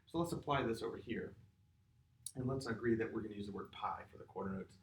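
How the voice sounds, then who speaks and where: A man's voice: fairly low pitch, quick pace, a little hiss or hum. A man teaching a music lesson, patiently explaining rhythm and counting beats and chanted words aloud. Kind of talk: classroom lesson. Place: classroom or studio with a board. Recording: echoey room.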